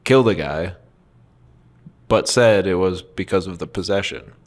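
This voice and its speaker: A man's voice: deep voice, normal speed. A man co-hosting a comedy podcast, rambling through a story and acting out the quotes along the way. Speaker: podcast co-host. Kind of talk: casual comedy podcast chat.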